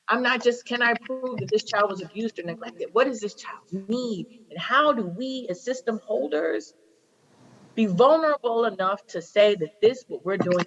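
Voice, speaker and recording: A woman's voice: medium pitch, fairly bright tone. A woman in her forties from Chicago, a prosecutor speaking as a guest, telling stories with emphasis and repeating her key phrases. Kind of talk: impassioned conversational talk. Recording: slightly dull lo-fi recording.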